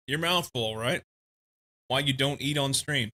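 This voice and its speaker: Guy streaming a game and talking to himself, keeps coughing, kinda bright sharp tone. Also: medium pitch, measured pace, long pauses. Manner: mutters to himself while playing, often coughing and clearing his throat. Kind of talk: casual gaming livestream talk.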